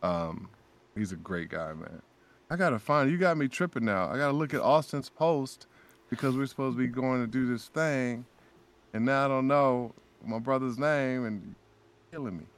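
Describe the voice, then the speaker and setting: A man talking as a guest voice actor in a casual podcast chat, an animated storyteller who laughs often and repeats his phrases. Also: mid-range voice, moderate pace.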